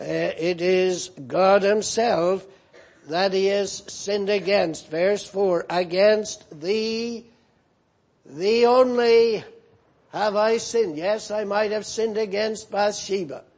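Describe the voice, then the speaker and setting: A man preaching an evening sermon, earnest and solemn, swinging from emphatic lines to hushed ones. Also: high voice.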